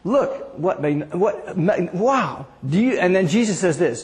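A man's voice: sits high, big pitch swings, normal speed, few pauses, a little mellow, in a large hall. A man preaching a sermon in a rambling, conversational way, often asking the audience questions.

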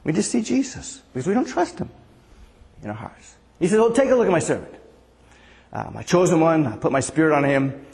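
A man's voice: on the high side, sing-song, a little fast, gravelly, pauses often, a little mellow. A man preaching a conversational sermon as pastor, asking the congregation questions. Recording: long hall reverb.

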